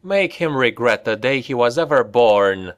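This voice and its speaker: A cruel, smug nobleman from a dark fantasy audiobook, played by the male narrator. He speaks coldly and imperiously, drawing out his words at a slow, unhurried pace. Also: mid-range voice, lively intonation, lightly acted. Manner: cold, imperious, drawn-out.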